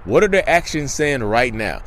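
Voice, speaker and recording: A man in his thirties hosting a podcast, talking in a casual, animated monologue and mimicking people in quick asides. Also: medium pitch, a little hiss or hum. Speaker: podcast host.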